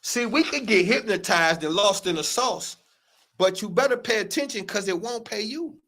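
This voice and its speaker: A man's voice: high-pitched, lively intonation, normal speed, fairly bright tone. A man hosting a livestream commentary, talking in a heated, profane, emphatic way and often repeating his words. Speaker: show host.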